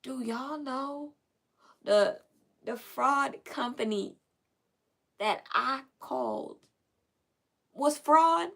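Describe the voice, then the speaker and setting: A woman with a bright, slightly gravelly voice hosts her podcast from a chair in her own room. She tells a story casually to her listeners and gets animated, acting out both sides of phone calls herself. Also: high voice, extremely slow, long pauses. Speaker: podcast host.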